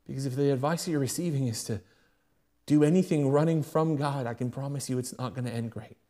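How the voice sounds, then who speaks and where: A young British man preaching a sermon as a pastor, swinging between loud raised appeals and hushed, quick asides. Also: medium pitch. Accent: British English.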